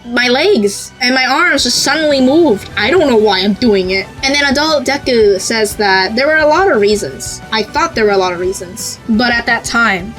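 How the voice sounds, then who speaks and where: Gushing fan podcaster, a woman, fairly high voice. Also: soft background music, rough recording. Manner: gushing, animated, quick asides with many fillers; reads short Japanese lines aloud. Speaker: podcast host. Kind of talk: excited casual commentary on a comic.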